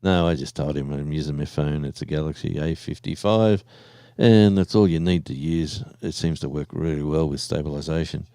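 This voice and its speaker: A man's voice: a bass voice, moderate pace, vocal fry, few pauses, mellow, clean tone, dry recording, studio quality. An Australian man chatting casually and rambling on a live stream, talking to his viewers in an easygoing way.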